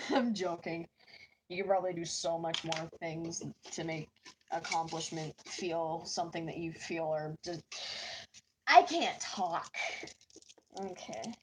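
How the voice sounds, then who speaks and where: A woman chats with her live viewers in a slow, easygoing way while she draws. Her nose is stuffed up, and she giggles and pokes fun at herself. A faint hiss sits under her voice. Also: deep voice, fairly even intonation. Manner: giggly and self-mocking. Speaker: artist streaming while drawing. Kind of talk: casual chat with live viewers.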